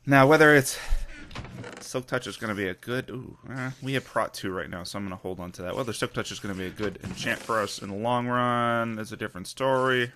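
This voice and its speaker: A man hosting a let's play who gives casual, excitable commentary with lots of laughs and jokes at his own expense. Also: mid-range voice, fairly quick, a little hiss or hum. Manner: excitable, self-mocking, laughs often.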